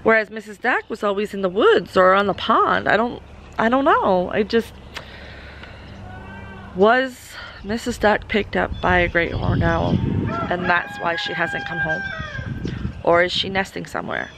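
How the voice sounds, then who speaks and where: A homesteading vlogger with a Southern American accent talks casually to a tripod-mounted camera outdoors on her farm, among the animals. Her medium-pitched voice swings widely and moves a little slowly as she muses worriedly, then shifts into doting baby talk with her goats. The background is noisy.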